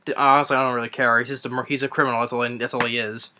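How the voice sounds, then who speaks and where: A man's voice: medium pitch, level tone, very fast, background noise. A young man reviewing a film in an unscripted rant, rambling with many restarts and fillers. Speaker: movie reviewer.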